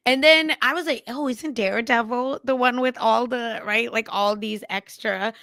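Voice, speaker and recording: Bright-voiced woman chiming in on a podcast. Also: on the high side, dry recording. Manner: quick backchannel agreement, chiming in. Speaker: podcast co-host. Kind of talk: casual TV recap chat.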